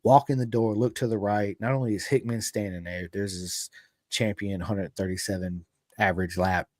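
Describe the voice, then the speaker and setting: A man with a Southern American country accent hosting a podcast, telling stories in an animated, casual way. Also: lowish voice, moderate pace, dry recording, clean studio sound. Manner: animated storyteller, says dude and bro a lot. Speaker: podcast host. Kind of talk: casual chat.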